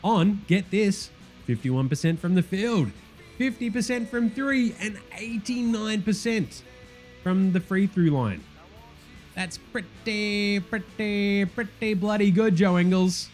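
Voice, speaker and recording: An Australian man with a notably high voice rants through a comedic sports podcast. He is blunt, sweary and sarcastic, with faint guitar music playing underneath. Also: lively intonation, slow, a little mellow. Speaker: host.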